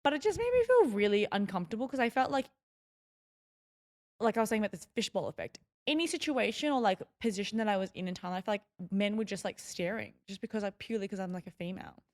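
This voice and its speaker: A young woman from Melbourne, Australia, hosts a casual solo podcast, telling stories in a chatty, rambling way full of fillers. Her mid-range voice is animated and fast.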